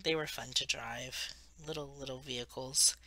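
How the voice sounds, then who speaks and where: With a rumbling low voice that is bright and forceful yet steady, this woman speaks at a moderate pace. She's an American craft-channel host chatting and rambling through a travel story while working, often correcting herself.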